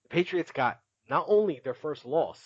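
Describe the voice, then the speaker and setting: A man's voice: a little high, lively intonation, normal speed, husky, no echo, highs cut off. A man hosting a casual podcast, chatty and laughing often as he recaps, with many filler words. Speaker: podcast host.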